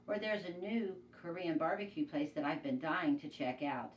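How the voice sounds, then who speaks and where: A woman's voice: deep voice, animated, moderate pace, distant mic. A woman reading as a lecturing drama-teacher mom. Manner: lecturing, exasperated. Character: enthusiastic drama-teacher mother. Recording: echoey room, away from mic, faint noise.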